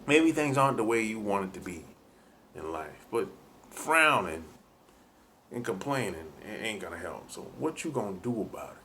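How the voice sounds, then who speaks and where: A man's voice: on the low side, sharp tone, a little hiss or hum. A man giving dating advice in a laid-back, rambling monologue full of "you know".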